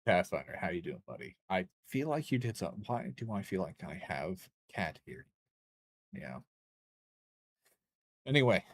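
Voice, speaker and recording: A young man with a fairly low voice rambles and cracks crude jokes while streaming a game. He is close to the mic in a dead, dry room. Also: no echo. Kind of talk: casual gaming stream chat.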